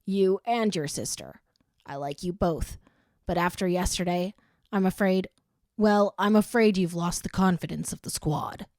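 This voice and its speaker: A composed adult woman who advises a cheer squad, as a woman reading the book puts her on. She speaks in a measured, level way with quiet sympathy. The voice sits a little low and sounds dry and close. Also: no echo.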